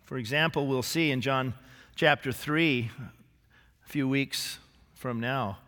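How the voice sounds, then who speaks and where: A male senior pastor preaching a sermon in a church, animated and lively, with humorous asides and acted-out quotes. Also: mid-range voice, takes it slowly. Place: church sanctuary. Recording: live church recording with long hall reverb.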